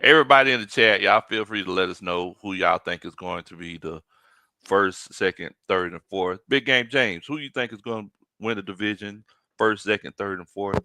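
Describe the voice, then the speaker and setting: A man's voice: fairly low pitch, normal speed, sharp tone, no echo. A man co-hosting a casual sports roundtable, laughing and teasing in loose slang. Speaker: podcast co-host.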